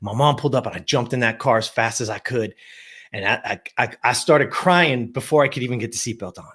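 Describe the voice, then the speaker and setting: A man's voice: medium pitch, fairly quick, a bit bright, husky. A man in his fifties, a guest telling a personal story in an emphatic motivational style, repeating words and addressing the audience directly. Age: 50s.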